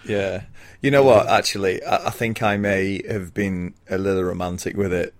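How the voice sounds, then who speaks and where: A man with a low voice chats casually about films on a podcast. He laughs often and hesitates with plenty of ums. He sounds like he is in his thirties. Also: steady tone, moderate pace. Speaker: podcast co-host. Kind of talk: casual film podcast chat.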